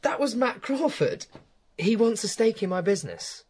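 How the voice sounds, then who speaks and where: A man's voice: sits high, sing-song, normal speed, darkish tone, a little hiss or hum. An actor playing a cheerful young man in a radio drama who runs a sausage business. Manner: breezy, defensive. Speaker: sausage maker.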